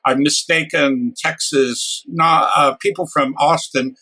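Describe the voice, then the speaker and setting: Bright husky-voiced older man, wry. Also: on the high side, steady tone, takes it slowly. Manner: hesitant, many uhs and restarts, wry humor. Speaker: guest mycologist and author. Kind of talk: casual podcast interview.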